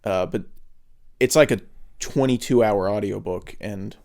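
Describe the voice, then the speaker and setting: A man's voice: fairly low pitch, measured pace, gravelly, a little mellow. A man co-hosting a podcast, talking in a casual, rambling way with lots of fillers and restarts. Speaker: podcast co-host. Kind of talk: casual chat.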